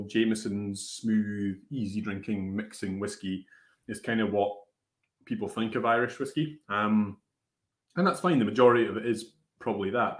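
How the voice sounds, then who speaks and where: A man's voice: on the low side, a bit bright. A man hosting a whisky tasting, chatting casually with many fillers and restarts. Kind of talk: casual live tasting chat. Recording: roomy echo.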